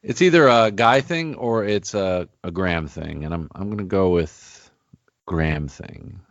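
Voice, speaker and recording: A man's voice: low voice, unhurried, no echo, highs cut off. A man hosting a podcast in casual chat, rambling and self-deprecating, often restarting his sentences. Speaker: podcast host.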